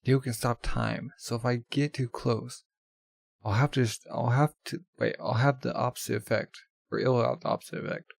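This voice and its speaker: Man reading a determined young racer's inner monologue, gravelly voice, dry close sound. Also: mid-range voice, fairly even intonation, normal speed, no echo.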